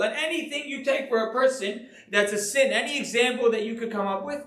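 A man preaches as a rabbi with a high, lively voice. He talks to his audience in a joking, rhetorical way. The sound is roomy and echoey. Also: fairly quick, hardly any pauses, recorded from a distance. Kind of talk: sermon to a live audience. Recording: echoey room.

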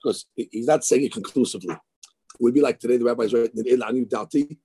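A man teaching Talmud in a lively study session, mixing Hebrew terms into his English. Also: medium pitch, racing, slightly rough, no echo. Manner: animated, excitable, mixes Hebrew terms into English.

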